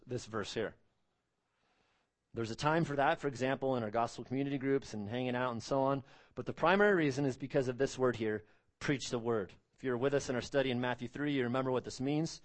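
Male pastor, mid-pitched, earnest expository sermon delivery with emphatic stresses. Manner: earnest, emphatic preaching with repeated phrases and drawn-out stresses.

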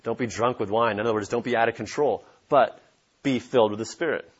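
A man's voice: mid-range voice, fast, breathy edge, lo-fi sound. A man preaching a sermon as pastor, emphatic and repeating his key points for stress.

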